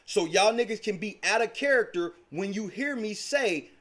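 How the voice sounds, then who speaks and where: A high-pitched man hosting a livestream, tearing into a rival with profane taunts. His voice jumps around a lot as he mocks and lectures. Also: lively intonation, normal speed, few pauses, fairly bright tone. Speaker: livestream host. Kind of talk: heated livestream argument.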